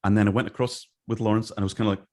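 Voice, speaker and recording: A middle-aged Scottish man, a guest in a casual interview, tells stories in rapid-fire speech with a fairly low voice. He is animated and acts out the voices of the people he quotes.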